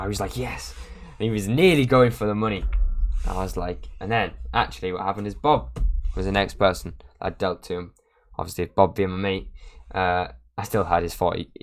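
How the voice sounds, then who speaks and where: Low-voiced man telling a card-trick story. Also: slight background noise. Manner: chatty, animated, acts out quoted voices.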